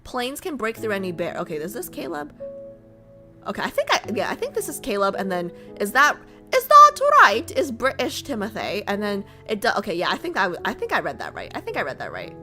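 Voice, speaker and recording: A woman's voice: medium pitch, huge pitch swings, fast talker, pushed and bright, soft background music. A woman streamer chatting playfully with her viewers and reading a game story aloud. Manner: chatty and playful, teasing herself and her chat.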